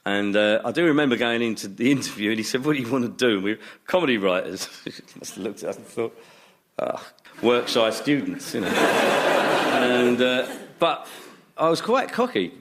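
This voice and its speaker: A man's voice: mid-range voice, very animated, normal speed, very noisy. A middle-aged man chatting as a guest in a radio interview, self-mocking and laughing often. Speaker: guest comedian. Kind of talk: casual radio interview chat.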